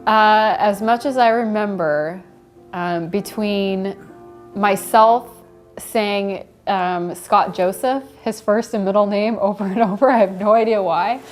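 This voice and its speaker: A bride speaks slowly in a mid-range voice, casually telling the camera how she was proposed to. She laughs lightly between phrases and fills her story with ums and likes, while soft music plays in the background.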